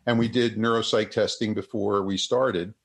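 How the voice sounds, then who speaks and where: A man's voice: fairly low pitch, steady tone, normal speed. An older man, a psychotherapist and researcher, telling a story in an interview with many restarts and acted-out quotes.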